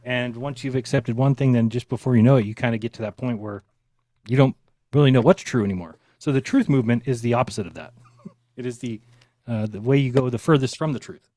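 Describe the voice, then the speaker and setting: A man talking fast, his words piling up as he explains in quick asides and laughs between points. He is a guest on a casual live stream, and his voice sounds close and dry, with no room around it. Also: medium pitch, dark tone, no room sound.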